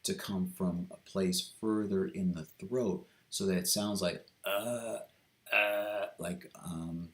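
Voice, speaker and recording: A man talking through a reflective personal vlog, hesitant and earnest, with many pauses, ums and restarts. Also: deep voice, fairly even intonation, fairly bright tone. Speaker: vlogger.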